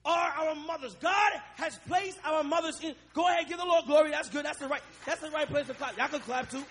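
A young man from Africa preaching a sermon to young people, impassioned and breaking into shouts. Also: extremely high pitch, fairly quick. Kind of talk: sermon with spoken-word poem.

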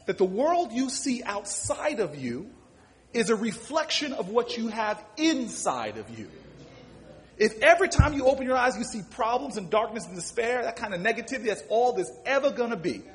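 A woman's voice: a little high, big pitch swings, moderate pace, big-room sound. A man quoting a stern, blunt older woman from the projects, lecturing firmly. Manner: firm, lecturing.

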